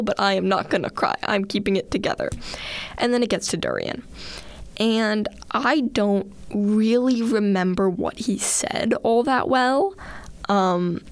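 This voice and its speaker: A woman's voice: mid-range voice, dry recording. A woman, a student leader, telling a personal story in an earnest, chatty way on a radio segment.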